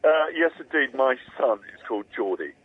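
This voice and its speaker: A man's voice: medium pitch, animated, fairly quick, husky. A man calling in to a radio show, chatting casually with dry, understated humour. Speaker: caller. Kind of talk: casual chat on air. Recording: tinny phone line.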